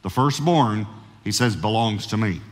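Pastor preaching in a reverberant church. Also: male voice, lowish voice. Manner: slows down to stress key words, with false starts. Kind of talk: sermon. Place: large church.

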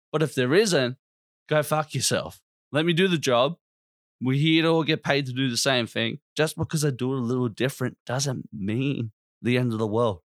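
A man's voice: medium pitch, dry recording, clean studio sound. A man hosting a podcast, ranting in a casual, blunt and constantly profane way. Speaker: podcast host.

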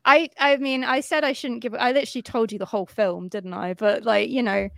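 A woman co-hosting a podcast, recapping a film in casual chat, animated and sweary, acting out the characters' lines. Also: fairly high pitch, fairly quick, creaky, no room sound, studio quality. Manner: animated storytelling, acts out quotes, swears freely. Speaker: podcast co-host.

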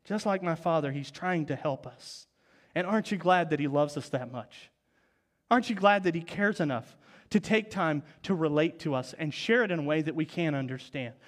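A man in his forties preaching a sermon, telling stories and dropping to soft, low tones for emphasis. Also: moderate pace. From Oklahoma, US. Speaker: pastor.

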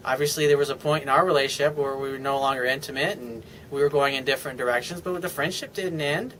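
A man's voice: medium pitch, steady tone, quick pace, fairly bright tone, a little hiss or hum. A man talking as a dating coach in a casual video monologue, rambling and frank, full of "I mean" and "you know.".

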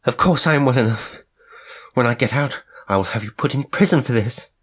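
A man voicing a frail, desperate spinster woman in a horror story reading, high-pitched and pleading. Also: brisk, breathy edge, lightly acted. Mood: furious. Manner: pleading, then shrill and defiant.

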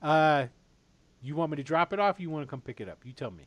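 Man doing a wheedling tavern boss, salesman patter, bit high. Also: expressive, fast, dry recording, close to an everyday voice. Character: chatty male tavern boss hiring crew.

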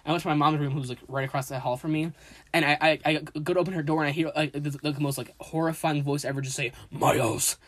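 A man's voice: a little high, fairly even intonation, fast talker. A teenage boy in casual group chat, stammering and repeating words as he asks questions and tells stories.

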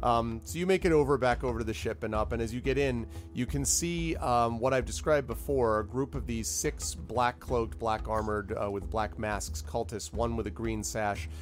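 A man's voice: medium pitch, normal speed, hardly any pauses, soft background music. A man narrating as game master, casual and rambling, with many fillers and laughs.

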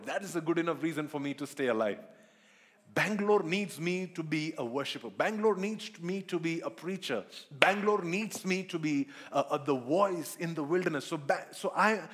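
A man's voice: a little high, expressive, normal speed. A man preaching a sermon in church, earnest, repeating himself and asking the congregation questions. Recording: long hall reverb.

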